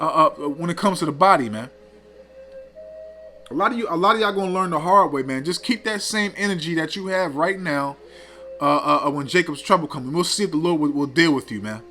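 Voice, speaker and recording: A man's voice: high-pitched, sharp tone. A man teaching scripture in a scolding, preachy way, often tagging lines with "man" and "okay". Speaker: teacher of a religious group.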